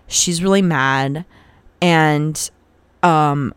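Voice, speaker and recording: A woman's voice: low-pitched, extremely slow, clean tone, no echo. A young woman hosting a podcast, telling a personal story in a frank, profane, casual way and getting heated as she retells arguments. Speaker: podcast host.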